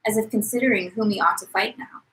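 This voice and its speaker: A woman's voice: medium pitch, fast talker, fairly bright tone, low-quality recording. A woman co-hosting a podcast, reading a novel aloud and acting out the quotes. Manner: reads with dramatic voices for quotes. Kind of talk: casual read-aloud podcast.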